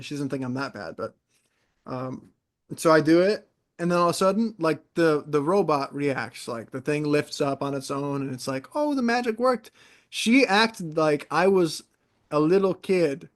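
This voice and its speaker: A young man from New York chats casually as a podcast co-host, his voice sitting a little higher than most men's. He rambles through an animated story with lots of fillers and restarts. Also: normal speed. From New York, USA. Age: 20s.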